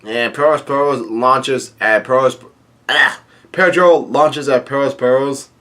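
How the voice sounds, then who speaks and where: A man's voice: medium pitch, measured pace, a bit bright. A man casually reading through a comic chapter and commenting, with many fillers and restarts. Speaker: manga chapter reader.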